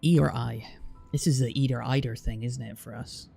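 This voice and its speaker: A man's voice: mid-range voice, steady tone, moderate pace, creaky, mellow, faint music behind. A man from Bristol with a rhotic West Country accent, chatting casually and curiously on a livestream, rambling with restarts and fillers. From Bristol, England. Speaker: streamer chatting with a guest.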